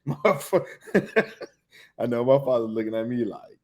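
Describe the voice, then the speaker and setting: A middle-aged man hosting a podcast, telling a loose, animated story in casual slang, with laughs and restarts. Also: medium pitch, measured pace. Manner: animated, humming tunes and acting out reactions. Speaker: podcast host.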